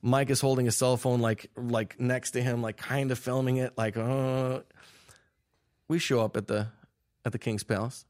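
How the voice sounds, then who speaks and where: Young male interview guest, lively storyteller, mid-pitch, restarts often, laughs through his story. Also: moderate pace. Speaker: guest filmmaker. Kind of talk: animated storytelling.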